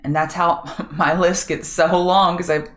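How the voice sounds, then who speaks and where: Hosting a live trading show, a middle-aged woman talks in a low voice that's a little scratchy today, keeping a steady, unhurried tone. She greets viewers by name in a market prep chat and reasons aloud while studying charts.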